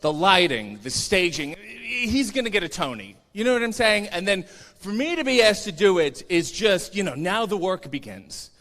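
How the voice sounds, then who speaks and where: Sardonic male stand-up on a live stage, bright, sharp voice that leaps around a lot. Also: high voice, moderate pace. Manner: animated, sardonic, self-mocking. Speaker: comedian. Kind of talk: stand-up comedy set. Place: convention stage before a live audience. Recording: reverberant stage hall.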